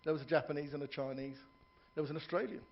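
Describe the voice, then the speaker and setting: Stand-up comedian on a ship's stage. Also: male voice, a little high, fairly even intonation, racing, dull audio. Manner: joke-telling with voiced characters and asides to the audience. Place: ship's theatre lounge.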